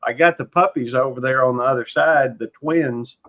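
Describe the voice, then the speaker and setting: Man rambling on about his dogs, lots of uhs, muffled lo-fi audio. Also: medium pitch. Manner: rambling, halting, many fillers. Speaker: live stream panelist. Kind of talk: casual chat. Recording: dull lo-fi stream audio.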